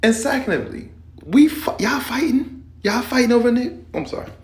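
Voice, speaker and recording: A man's voice: very high voice, moderate pace. A man hosting and commenting casually, firing incredulous questions straight at his audience. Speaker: host and commentator.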